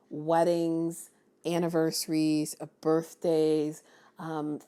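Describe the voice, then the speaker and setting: Woman, tarot reader, low gravelly voice, chatty and encouraging, loose casual delivery. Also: warm tone. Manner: chatty, encouraging, many ums and restarts.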